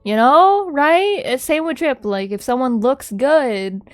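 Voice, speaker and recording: A woman's voice: high voice, expressive, slow. A young adult woman streaming as a VTuber, chatting casually with lots of "like" fillers and frequent giggles. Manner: rambling, many "like" fillers, giggly. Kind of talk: casual live-stream chat.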